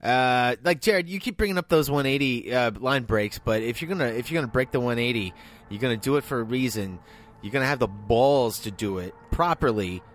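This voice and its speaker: A man's voice: medium pitch, a little fast, a little hiss or hum. A man co-hosting a podcast who talks through a film in a casual, rambling way, swearing heavily and getting emphatic. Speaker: podcast co-host.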